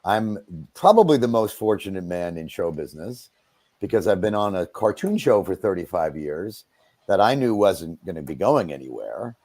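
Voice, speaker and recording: A middle-aged man, a voice actor, talking as a guest on a radio show in a relaxed, self-deprecating way, with halting fillers. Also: low voice, no echo. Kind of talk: radio interview. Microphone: studio mic.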